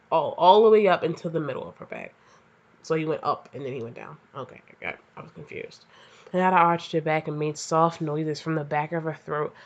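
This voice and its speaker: A woman hosting a comedic fan fiction reading, stumbling over the text and breaking off into profane, self-mocking asides. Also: low-pitched. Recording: slightly dull lo-fi audio.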